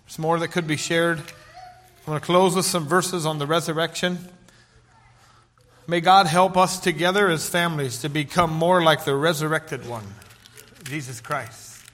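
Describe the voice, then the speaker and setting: Middle-aged male preacher, earnest and emphatic, reads scripture aloud, pitched high with a bright tone. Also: steady tone. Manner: earnest, slow emphatic delivery with King James scripture reading. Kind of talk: sermon.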